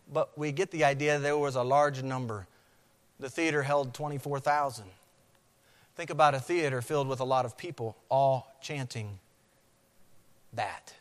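A man's voice: medium pitch, a bit bright. A man preaching a sermon on a scripture passage, acting out crowd chants. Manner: dramatic, acts out crowd chants. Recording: long hall reverb.

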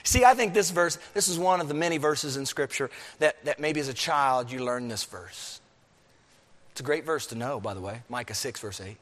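A man preaching a sermon, swinging between emphatic, raised peaks and low, quiet stretches. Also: expressive, moderate pace. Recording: long hall reverb.

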